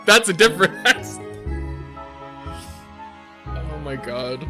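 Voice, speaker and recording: An excitable game streamer who reacts loudly, swears freely and laughs often. The pitch jumps around a lot, and game music plays underneath. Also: slow pace, pauses often. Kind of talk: casual live-stream reaction.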